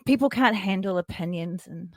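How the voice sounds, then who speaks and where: A young woman with a New Zealand accent hosting a casual podcast chat, animated, laughing often and swearing freely. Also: mid-range voice, normal speed, dry recording, studio quality. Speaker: podcast host.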